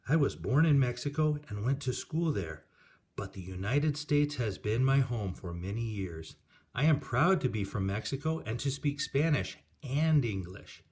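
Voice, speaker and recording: A man reading aloud as a loving great-aunt in her eighties, speaking warmly and proudly to a child. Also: mid-range voice, close to an everyday voice. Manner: warm, proud, storytelling.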